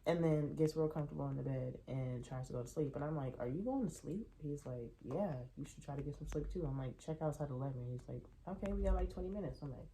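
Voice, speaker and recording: A young adult woman telling a casual storytime, animated and venting, swearing freely as she recounts her irritation. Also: low-pitched, quick pace, few pauses, a little hiss or hum.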